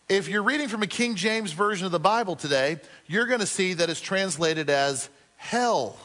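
High-voiced preaching man in a hall. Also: expressive, fairly bright tone. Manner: earnest, questions the congregation, slows down for emphasis. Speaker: pastor. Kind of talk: sermon.

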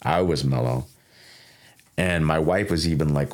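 Very deep voiced guy in his 40s rambling through a story, repeats himself a lot. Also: a little slow. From Sauk Valley, Illinois. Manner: rambling, repeats words, acts out quotes. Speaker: podcast guest. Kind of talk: casual storytelling.

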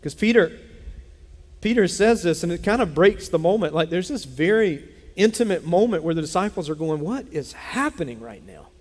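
A man preaching a sermon as pastor, telling a Bible story in an animated way and acting out its characters. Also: high voice, normal speed. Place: church sanctuary. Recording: long hall reverb.

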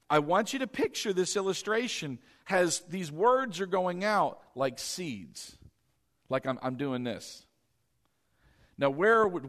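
Guy preaching a sermon, voice a bit high, big church echo, keeps repeating stuff and asking the crowd. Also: fairly bright tone. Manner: repeats key words and asks the congregation questions. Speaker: pastor. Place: church sanctuary with congregation. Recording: long reverb of a large church hall.

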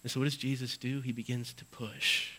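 A male pastor giving an Easter sermon in a church, swinging between loud emphatic passages and hushed low ones as he reads scripture with dramatic weight. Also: level tone, brisk, poor audio.

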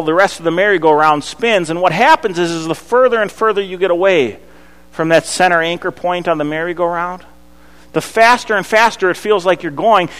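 A pastor, preaching a sermon that swings from loud to hushed. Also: male voice, fairly high pitch. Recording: long hall reverb.

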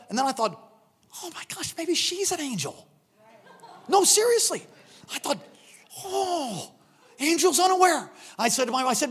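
A middle-aged man preaching a sermon, telling a story and acting out the voices in it, building up to shouts. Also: very high voice, creaky. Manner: animated, acts out voices in anecdotes, rising to shouts. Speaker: pastor.

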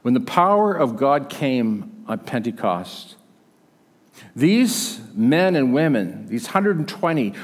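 A man's voice: medium pitch, big pitch swings, slow. A male pastor preaching a sermon in a conversational, emphatic storytelling manner. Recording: long hall reverb.

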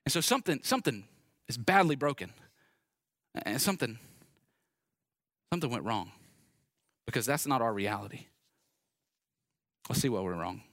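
A man's voice: medium pitch, sing-song, moderate pace, long pauses, fairly bright tone, no echo, clean studio sound. A male pastor preaching a sermon in a conversational way, with wry asides.

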